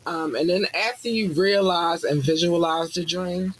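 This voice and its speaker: A man talks in a slightly high voice, loose and profane, preaching like a mock sermon. Quiet noise hums behind him. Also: measured pace, low-quality recording. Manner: profane, animated, preachy asides. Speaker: podcast host. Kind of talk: casual rant with mock sermon.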